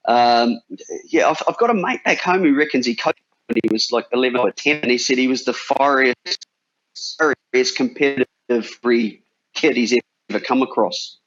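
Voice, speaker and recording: Speaking at a moderate pace in a mid-range, fairly bright voice, a former cricketer from New Zealand, aged in his forties, bantered casually on a podcast. He restarts his sentences often, and the lo-fi audio sounds dull.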